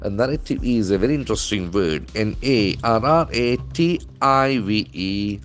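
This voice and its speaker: A man's voice: fairly low pitch, expressive, normal speed. A man teaching vocabulary from newspaper headlines, spelling words letter by letter and modeling their pronunciation. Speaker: English trainer.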